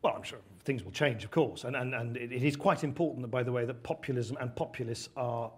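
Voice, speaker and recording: Talking fast in a medium-pitched, slightly rough voice, a middle-aged British man with a British English accent is heard. He's a UK former politician serving as a guest speaker, earnestly answering interview questions and telling animated stories.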